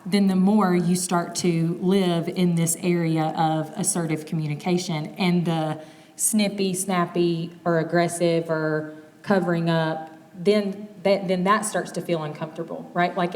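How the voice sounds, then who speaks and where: A woman in her thirties giving a candid, conversational talk on marriage, acting out quoted exchanges with animated energy. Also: on the low side. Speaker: speaker teaching on marriage. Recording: long reverb of a large hall.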